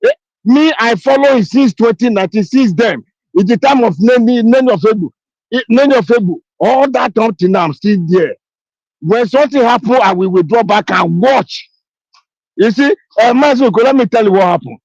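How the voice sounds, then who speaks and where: A woman's voice: on the high side, animated, normal speed, a little mellow, no room sound, lo-fi sound. A woman, speaking emphatically in a live audio chat, repeating herself and pleading. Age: 50s. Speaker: caller on an audio space.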